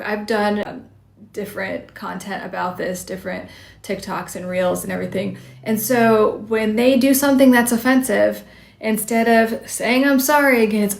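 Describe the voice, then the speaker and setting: A woman's voice: mid-range voice, steady tone, normal speed, creaky. A woman psychology coach giving direct, conversational advice on a livestream, with many casual fillers. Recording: roomy echo.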